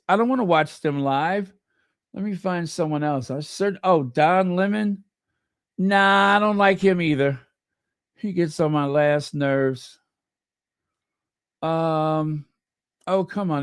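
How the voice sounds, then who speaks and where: A man hosting a casual livestream, chatty and excitable, talking to himself as he goes. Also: high-pitched, slow pace, no room sound, studio quality. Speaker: livestream host.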